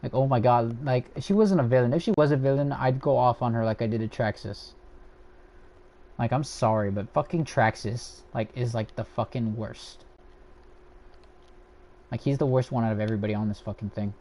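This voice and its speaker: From his home livestream, a young man ranks characters in a warm, mid-range voice at a moderate pace. He rants casually, cursing freely, with plenty of filler words and restarts.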